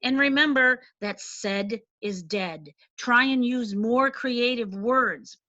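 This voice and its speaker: A woman teacher explaining a lesson slowly and deliberately, stressing each point. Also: on the high side, sharp tone, dry recording, highs cut off. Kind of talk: recorded classroom lesson.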